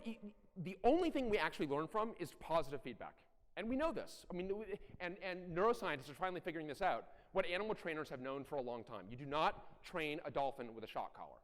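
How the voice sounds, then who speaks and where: A middle-aged man giving a conference talk, animated and blunt, with self-deprecating asides and occasional profanity. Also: on the high side. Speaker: conference speaker. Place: large conference hall. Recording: echoey hall.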